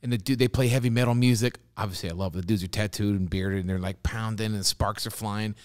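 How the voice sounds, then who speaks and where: A man co-hosting a podcast, telling stories in an animated, jokey way. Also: on the low side, quick pace, clean tone. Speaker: podcast co-host. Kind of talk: casual chat.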